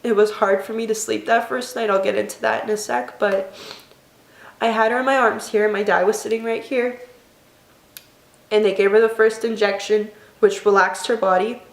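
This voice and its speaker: A woman's voice: mid-range voice, steady tone, vocal fry. Tearful young woman in an echoey room. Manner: emotional, tearful, soft and halting. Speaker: vlogger. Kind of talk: personal vlog storytelling.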